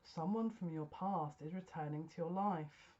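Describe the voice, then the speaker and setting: A woman giving a casual tarot card reading, excitable and often gasping and breathless. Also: sits low, moderate pace, muffled recording.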